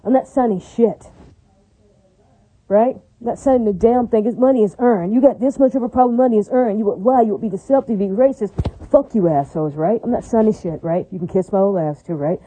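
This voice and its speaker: A woman's voice: mid-range voice, fast talker, dark tone, husky, dry recording. A woman delivering an angry, repetitive, profane rant to her viewers in a vlog. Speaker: vlogger. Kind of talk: ranting vlog monologue. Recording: dull lo-fi recording.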